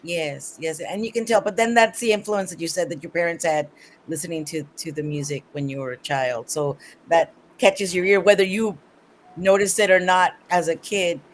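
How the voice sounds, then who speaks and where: Female radio host, enthusiastic, halting questions, faint background noise. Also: fairly low pitch, poor audio. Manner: enthusiastic, halting, with many fillers. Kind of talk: casual radio interview.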